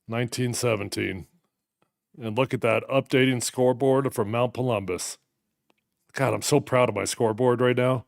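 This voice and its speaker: A man in his thirties hosting a live watch party, reacting to a football game with animated, fired-up commentary. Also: mid-range voice, normal speed, creaky, dry recording, clean studio sound. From United States.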